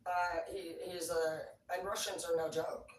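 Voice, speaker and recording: A livestreamer ranting in a rambling, profane, excitable way. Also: medium pitch, a little slow. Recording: roomy echo, distant from the mic, faint noise.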